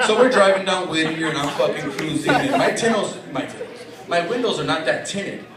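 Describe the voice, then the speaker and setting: A man's voice: a little high, brisk, a loud crowd. A young man performing a profane stand-up set as a comedian on a club stage, telling a story with voices he acts out. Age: young adult. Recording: echoey club recording from far off. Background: audience laughter.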